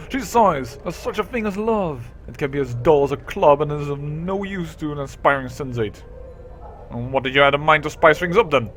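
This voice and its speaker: A man hosting a let's play, reading role-playing game text aloud with lively asides. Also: fairly high pitch, normal speed, slight background noise.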